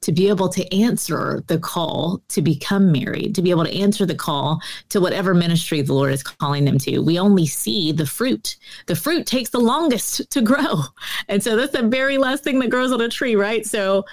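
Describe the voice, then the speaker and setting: A woman's voice: mid-range voice, normal speed. A woman guest on an interview podcast, telling stories earnestly with many fillers. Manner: earnest storytelling with frequent fillers. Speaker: podcast guest, author and speaker. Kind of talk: conversational interview.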